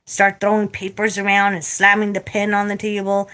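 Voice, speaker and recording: A woman telling a story in a casual vlog rant, blunt and profane, animated as she retells it. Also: mid-range voice, normal speed, smooth. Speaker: vlogger.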